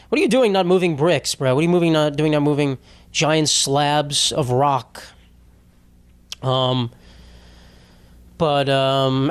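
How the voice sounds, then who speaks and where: A young man hosting a solo comedy podcast, rambling and swearing as he jumps between topics and slips into silly voices for quick asides. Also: on the high side, dry recording. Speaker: podcast host.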